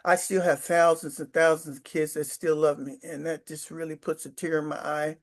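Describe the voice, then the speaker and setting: Man in his sixties, high voice, retired teacher, rambling emotional storytelling, stammers, at home. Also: little pitch movement, moderate pace. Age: 60s. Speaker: retired sixth grade teacher. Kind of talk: casual storytelling to camera. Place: his apartment.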